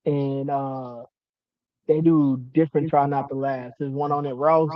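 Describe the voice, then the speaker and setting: A man's voice: medium pitch, steady tone, unhurried, no room sound, muffled recording. A man co-hosting a podcast in easygoing casual chat. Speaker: podcast co-host.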